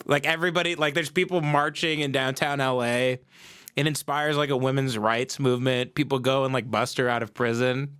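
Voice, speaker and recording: A man's voice: mid-range voice, steady tone, a little fast, a bit bright, clear, resonant tone. A man hosting a comedy podcast, riffing in a rambling, profane monologue with restarts, on a sensitive mic with no windscreen. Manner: rambling, profane, with self-interrupting restarts and laughs. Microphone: sensitive mic without windscreen.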